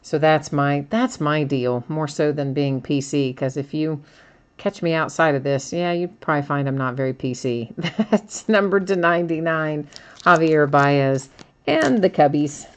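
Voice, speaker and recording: Chatty low-voiced woman hosting a card break. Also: unhurried. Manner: chatty, laughs often, reads out cards and chat. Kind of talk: live stream card break commentary.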